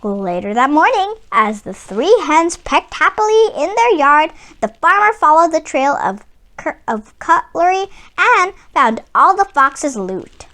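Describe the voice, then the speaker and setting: A woman reading a picture book aloud for children, taking her time over each line. Her voice is high, bright and animated. She narrates with gentle, expressive storybook pacing. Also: unhurried. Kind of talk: read-aloud storytelling for kids.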